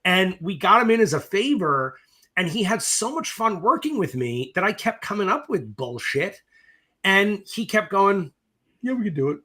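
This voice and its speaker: A middle-aged man tells stories from his film career with a bright, forceful tone and a lively voice that swoops up and down. He is profane and animated, acting out both sides of each conversation. He sits somewhat high for a man. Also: normal speed. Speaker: film director, interview guest. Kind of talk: animated storytelling in a casual interview.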